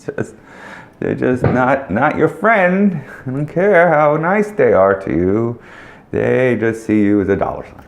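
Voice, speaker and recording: A middle-aged man talks straight to the camera in a loose, rambling monologue, blunt and joking as he hands out career advice. His voice is gravelly, and his pitch leaps and drops with animated swings. He keeps circling back to the same questions. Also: highs cut off. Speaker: ad agency owner giving career advice. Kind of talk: casual direct-to-camera monologue.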